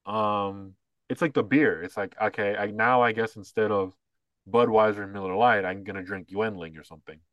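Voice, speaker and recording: A low-pitched man talks in loose, rambling podcast chat, blunt and swearing freely. His voice sounds dry and close, with little room around it. He leans on fillers and restarts as he piles up his opinions. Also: steady tone, moderate pace, dry recording, lo-fi sound. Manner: mocking voices when quoting others. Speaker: podcast co-host. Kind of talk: casual chat.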